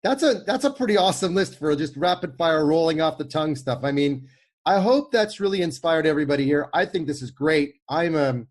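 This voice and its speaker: A man's voice: on the high side, expressive, a little fast. A man from the UK co-hosting a podcast, talking in a rambling, enthusiastic way. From United Kingdom. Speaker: podcast co-host. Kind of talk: casual chat.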